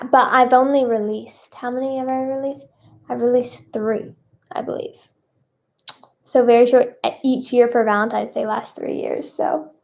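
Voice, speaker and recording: A woman's voice: a little high, gravelly, a little mellow. A young woman singer answering fan questions in casual chat, bubbly and self-conscious, with many fillers.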